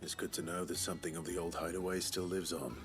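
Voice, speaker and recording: An actor voicing a grave male hero who speaks in a dry, measured way. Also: low voice, level tone, natural voice. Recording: game audio with clear music.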